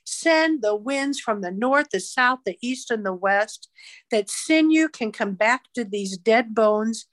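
A woman's voice: a little high, animated, slow pace, no echo. A woman evangelist, a podcast guest, leading a fervent, rhythmic spoken prayer. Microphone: podcast mic.

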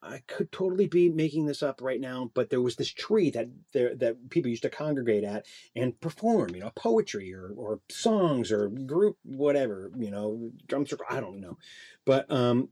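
A man recounts a backstage story in a rambling, animated way, often second-guessing himself. His voice is warm and mellow and swings widely in pitch. The sound is close and dry. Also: normal speed, no echo. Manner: rambling, self-doubting, animated. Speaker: guest, performer. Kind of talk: casual storytelling.

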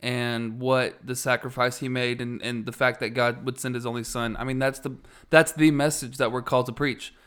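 A minister co-hosting a faith podcast speaks in a measured, thoughtful way. His voice is clear and smooth, with a few ums along the way. He sits at an ordinary pitch for a man. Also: flat delivery, fairly bright tone. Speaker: church minister, co-host. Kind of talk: casual ministry podcast chat.

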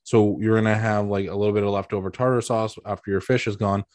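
A man with a fairly low voice co-hosts a casual podcast chat. He rambles and riffs with incredulous energy. The sound is close and dry, with no room around it. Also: fast, no room sound. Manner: rambling, incredulous, animated riffing. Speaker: podcast co-host.

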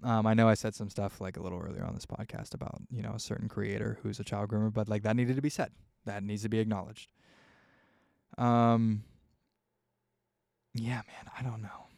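Gravelly young man, casual podcast ramble. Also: lowish voice, little pitch movement, a little fast, a little mellow, no room sound, studio quality. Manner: rambling, heartfelt, swears freely, many fillers. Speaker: podcast host. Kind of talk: casual solo podcast talk.

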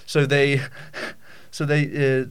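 A man's voice: medium pitch, completely flat delivery, very slow, clean tone. A man hosting a podcast, ranting casually in a jokey, mock-indignant way, rambling with many restarts and stammered repeats. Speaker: podcast host. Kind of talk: casual comic rant.

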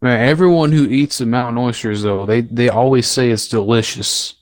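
A young man chatting casually on a close, dry microphone. He tells stories with animated, loudly acted-out quotes, and his voice sits at an ordinary middle pitch. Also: moderate pace, no echo. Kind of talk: casual chat.

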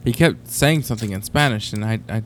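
A man telling a story in casual chat, halting and trailing off with "and, uh". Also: on the low side, slight background noise.

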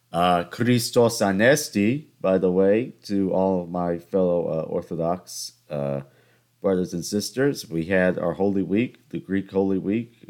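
A man's voice: low voice, a little mellow. A young man hosting a podcast, telling a rambling casual story with many fillers and restarts. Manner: halting, lots of fillers and restarts. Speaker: podcast host.

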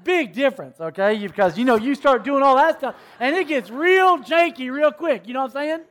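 High-voiced man preaching animatedly to youth. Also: a little fast. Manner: animated, conversational, often checks in with the audience. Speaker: camp speaker teaching students. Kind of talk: sermon-style teaching to a youth audience.

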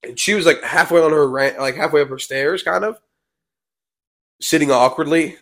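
A man's voice: a little high, normal speed, a bit bright. A young man telling a personal story in a casual vlog. He rambles and keeps repeating "I was like.". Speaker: vlog co-host.

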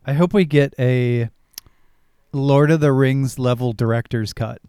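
A man's voice: medium pitch, measured pace, dark tone, clear, resonant tone, no room sound, clean studio sound. A man hosting a podcast in casual chat, making wry, sarcastic asides. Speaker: podcast host.

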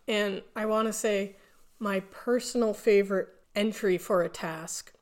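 A woman's voice: mid-range voice, darkish tone. Enthusiastic woman podcast co-host. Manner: enthusiastic, gushing, quick to laugh. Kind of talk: casual podcast chat.

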